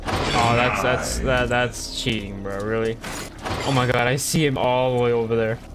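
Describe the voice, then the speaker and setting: A man's voice: medium pitch, fairly even intonation, moderate pace, heavy background noise. A young man commenting on a horror game for his viewers, jumpy and easily scared. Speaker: gaming video host. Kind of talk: let's play commentary. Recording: voice over loud game music.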